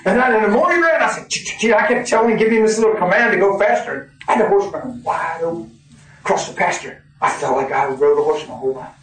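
Folksy high-voiced preacher in echoey hall. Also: male voice, fast, slight background noise. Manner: folksy, animated, laughing often. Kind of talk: sermon with storytelling. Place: church hall. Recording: echoey hall from far off, crowd. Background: congregation.

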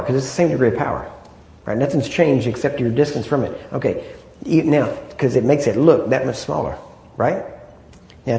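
Male preacher, conversational sermon, asks rhetorical questions, warm tone, roomy hall sound. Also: mid-range voice.

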